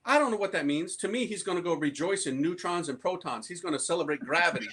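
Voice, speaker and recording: A fast-talking priest shares his personal conversion story in slangy street speech, impersonating the people he quotes and laughing a lot. His voice is a little high, animated, a bit bright and slightly rough.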